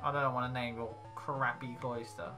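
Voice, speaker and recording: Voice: medium pitch, flat delivery, moderate pace. A let's play host giving casual gameplay commentary in a chatty way, reading game text aloud in playful voices. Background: game music.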